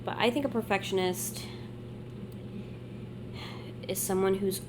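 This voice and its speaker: A woman in her twenties co-hosting a podcast in casual chat, playful and jokey, quick to laugh. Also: mid-range voice, steady tone, background noise. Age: 20s. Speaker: podcast co-host.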